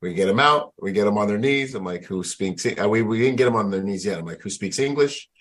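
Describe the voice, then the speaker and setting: Male veteran guest, low voice, animated storyteller with street slang. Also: quick pace. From United States. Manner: animated, slangy, laughs often. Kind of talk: conversational storytelling.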